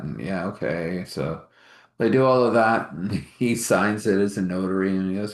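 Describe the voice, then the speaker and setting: A man telling an improvised story in a casual, halting way, full of fillers and restarts. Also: low voice, roomy sound.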